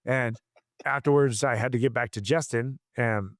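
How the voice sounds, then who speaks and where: A man's voice: mid-range voice, normal speed, no room sound, clean studio sound. A man coaching combat sports, telling stories in a casual interview, blunt and profane with many restarts.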